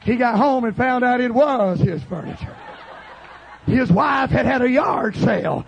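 A man preaching a fiery Pentecostal revival sermon, shouting and calling the congregation to respond. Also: very high voice, unhurried, vocal fry, dull audio, slight background noise.

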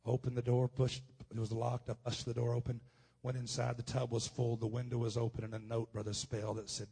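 A man preaching a personal testimony at a conference. He is impassioned and swings from hushed telling to loud outbursts. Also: medium pitch, completely flat delivery, a little fast, gravelly, slightly rough. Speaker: pastor. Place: conference hall.

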